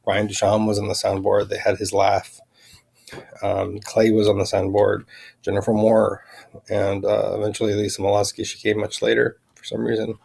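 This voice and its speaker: A man vlogging a rambling personal account, halting and full of fillers and restarts. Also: fairly low pitch, vocal fry, a little mellow.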